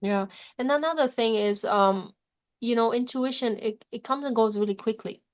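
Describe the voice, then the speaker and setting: A woman hosting a podcast, chatting in a relaxed, friendly way as she talks with her guest. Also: a little high, normal speed. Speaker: podcast host. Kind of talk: casual interview chat.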